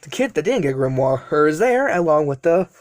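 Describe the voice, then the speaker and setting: Man, casual fan storytelling, rambling, self-correcting, somewhat high voice. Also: very animated, moderate pace, darkish tone, dry recording.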